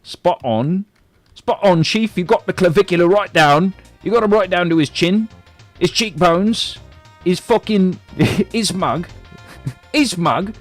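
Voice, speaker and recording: A man's voice: sits high, animated, a little slow, faint music behind, voice pushed up. A man putting on a cheeky, brash mock-British voice, hamming up praise and banter on a game stream. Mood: mock praising. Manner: exaggerated hammy British put-on.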